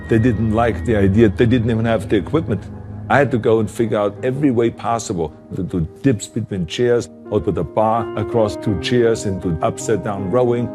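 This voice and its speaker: Man, German accent, native German speaker, emphatic motivational delivery, lowish voice. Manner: emphatic, heavily accented, sometimes restarting words. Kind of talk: motivational speech and interview.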